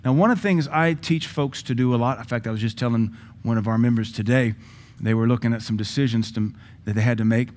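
A male pastor teaching a sermon in a lively, joking way, now and then breaking into praying in tongues. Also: mid-range voice, quick pace.

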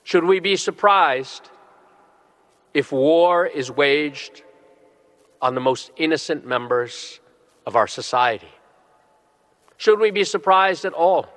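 A middle-aged bishop delivers a sermon in a bright, somewhat high voice. He speaks earnestly, leaning on slow, emphatic phrases. His words ring out with the long reverb of a large church hall. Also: expressive.

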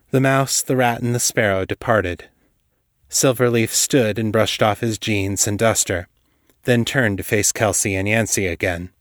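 A man with a low voice narrates a story in a steady, measured way. He is the host of his own podcast. The recording is close and dry. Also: dry recording.

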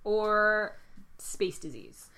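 A woman co-hosting a relaxed chat show, her voice bright and sharp. She teases her co-hosts and throws in quick, wry asides, even in pitch. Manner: joking, teasing, quick asides. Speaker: podcast co-host. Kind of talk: casual chat.

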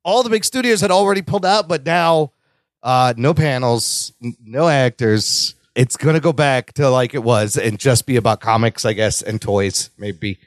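A man hosting a podcast, talking in an excitable, casual way and swearing now and then. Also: mid-range voice, moderate pace, no room sound, studio quality. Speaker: podcast host.

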